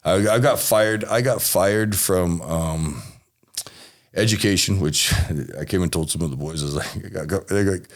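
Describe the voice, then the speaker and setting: A man's voice: deep voice, moderate pace. A man from Texas telling a rambling, swearing story as an interview guest.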